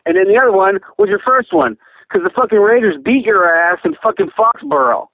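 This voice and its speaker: A man's voice: high-pitched, lively intonation, a little fast, dry recording. A man phoning in an angry, profane rant, cursing constantly. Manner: profane, furious ranting. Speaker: caller. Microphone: phone. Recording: tinny phone line.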